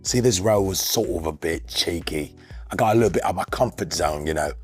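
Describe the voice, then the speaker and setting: A man playing a pretentious British film actor with a Manchester accent, rambling about his craft in a low voice. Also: quick pace, breathy edge, soft background music. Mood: pompous. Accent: Manchester English.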